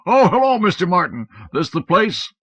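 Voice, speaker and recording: A man doing a booming jolly Santa. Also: very animated, normal speed, husky, no echo, heavily acted. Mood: hearty. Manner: loud, hearty, bossy. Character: booming jolly male store Santa, brisk boss. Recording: dull, dry 1970s cassette audiobook.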